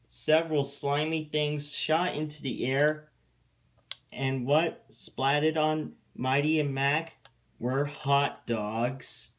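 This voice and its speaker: A man's voice: on the high side, fairly even intonation. A man reading a fan-made storybook episode aloud. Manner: slow, plain reading.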